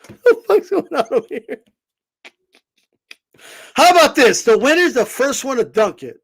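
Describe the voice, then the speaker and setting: A man talking boxing in a casual vlog, animated and swearing, rambling with lots of fillers. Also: very high voice, moderate pace, husky. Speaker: boxing commentator.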